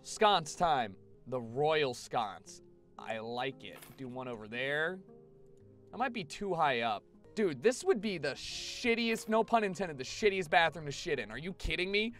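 A man's voice: a little high, a bit bright. A young man giving casual, chatty gameplay commentary to his live chat, swearing freely. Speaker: streamer.

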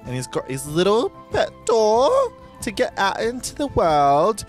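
Drag queen let's-play host, man, unhurried but wildly swooping delivery, gasps and squeals, casual swearing, faint game music behind. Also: high voice, big pitch swings. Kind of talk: casual gameplay commentary.

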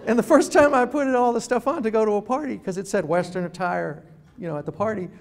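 A middle-aged man giving an animated, self-deprecating humorous talk as a guest speaker. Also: high-pitched, fast, creaky, a faint crowd, a little hiss or hum. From New York City. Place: event room.

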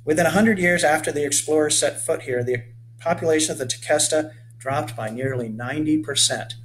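A man's voice: a little high, fairly quick, fairly bright tone, a little hiss or hum, lightly acted. Man reading as a friendly boat captain. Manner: explaining, storytelling.

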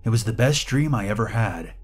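A man's voice: fairly low pitch, expressive, a little fast, husky, faint music behind. A man voicing a grown man who acts like a needy child, whining and pleading in a raised voice. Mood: soft wistful. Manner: whiny, pleading.

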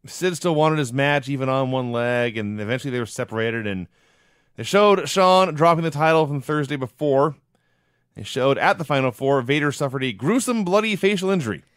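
A man's voice: mid-range voice, expressive, a little fast, clear, resonant tone, no echo. A man hosting a podcast, recapping old shows in a dry, wry casual manner. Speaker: podcast host.

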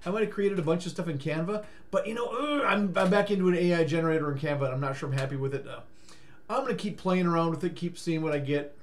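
A man talks straight to camera in a loose, rambling vlog, tired and a bit scattered. His voice sits a little high, and he keeps breaking into goofy sing-song riffs between stammered asides. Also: fast talker. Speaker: life coach vlogger.

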